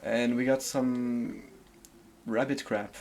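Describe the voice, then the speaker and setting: A man's voice: mid-range voice, steady tone, slow pace, a little mellow, a little hiss or hum. A man with a French accent giving gameplay commentary, thinking aloud and murmuring to himself while he decides. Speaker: streamer.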